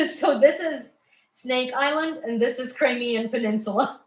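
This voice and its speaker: A woman's voice: high-pitched, takes it slowly, echoey room, low-quality recording. A woman hosting casual live news commentary, opinionated and sarcastic, often laughing. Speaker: news summary host.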